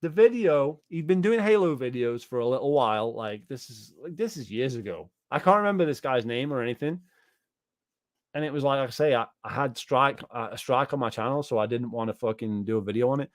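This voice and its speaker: A man's voice: medium pitch, lively intonation, a little fast, dry recording, studio quality. A man ranting casually on a livestream, reacting to chat in a rambling, profane, incredulous way.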